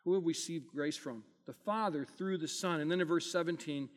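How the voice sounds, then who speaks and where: A man preaching a sermon as pastor, earnest, swelling loud on key phrases and dropping quiet between them. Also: a little high, a little fast, few pauses. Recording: long hall reverb.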